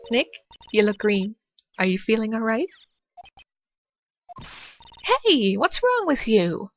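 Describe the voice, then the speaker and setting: A woman's voice: sits high, slight background noise, exaggerated voice. A woman voicing a cheerful, teasing teenage girl who is a spirit medium, in a fan dub of a video game.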